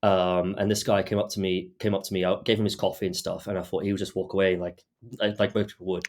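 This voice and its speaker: Casting: young male podcast host, low-pitched voice, halting casual storytelling, lots of "um". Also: flat delivery, a little mellow. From Britain and Australia. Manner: hesitant, many fillers and restarts.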